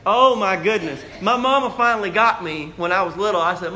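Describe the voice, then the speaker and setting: A man preaching a sermon to a congregation, animated and playful, acting out questions in raised voices. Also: high voice, brisk, slight background noise. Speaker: pastor. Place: church sanctuary.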